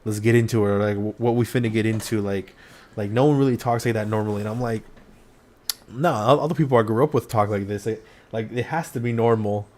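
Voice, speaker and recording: A man's voice: lowish voice, fairly even intonation, fast talker, dark tone. A man hosting a casual talk show from home, swearing freely and rambling with lots of fillers. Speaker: podcast host. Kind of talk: casual chat. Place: home room.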